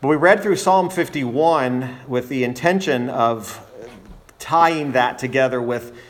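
A male pastor delivers a sermon from the pulpit at a middle pitch. He speaks earnestly, now and then restarting a phrase, and pushes his voice up for emphasis. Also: slow. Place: church.

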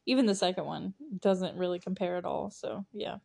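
A woman's voice: fairly low pitch, normal speed, vocal fry, darkish tone, husky. A woman hosting a casual movie recap podcast, chatty and laughing, with lots of fillers. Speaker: podcast host.

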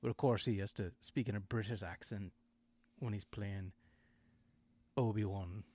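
A man's voice: lowish voice, steady tone, measured pace, mellow. A man hosting a podcast in casual chat, rambling and digressing, often correcting himself mid-sentence. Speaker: podcast host.

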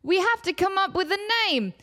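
A woman's voice: expressive, brisk, bright, forceful tone, exaggerated voice. A woman voicing a timid, fussy young male intern who apologizes and asks politely. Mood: meek. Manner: meek, apologetic, squeaky politeness.

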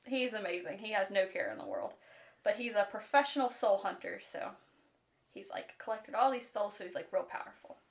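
A woman co-hosting a podcast, casually retelling book plots in an animated, chatty way, full of "like" and casual swearing. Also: medium pitch, a little fast, vocal fry. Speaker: podcast co-host. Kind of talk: casual chat about books.

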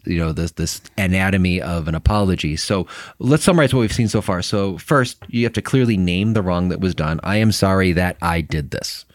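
Deep-voiced earnest man. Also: no echo, studio quality. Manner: warm, earnest, laughs easily. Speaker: podcast co-host. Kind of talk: casual conversation about marriage and faith.

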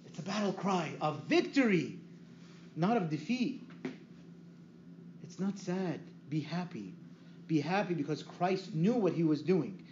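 A man preaching a teaching sermon, lively and asking his listeners questions he then answers himself. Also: sits high. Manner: lively, asks the audience questions and answers them. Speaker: priest. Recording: echoey room, dull lo-fi sound, faint hiss.

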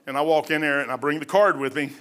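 A middle-aged American man preaches a sermon in a folksy, blunt, conversational style, telling stories between scripture with many fillers and asides. His voice is on the high side, fast and fairly bright.

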